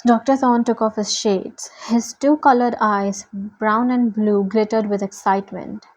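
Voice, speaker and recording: A woman reading a novel aloud in a steady, deliberate way. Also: mid-range voice, rough recording. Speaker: reader.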